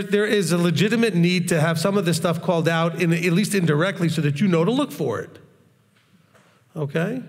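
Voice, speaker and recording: In an informal recorded teaching, a man with a fairly high, gravelly voice teaches the Bible bluntly and straightforwardly, with a hard edge. He keeps it conversational, frequently checking in by asking his listeners questions. His voice has a big-room sound.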